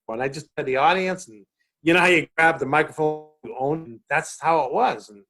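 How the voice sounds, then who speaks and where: A middle-aged man with a Boston accent, a comedian chatting as a guest and telling stage stories with lively, acted-out quotes. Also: a little high, brisk, faint music behind. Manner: animated storyteller acting out quotes. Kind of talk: casual chat, storytelling.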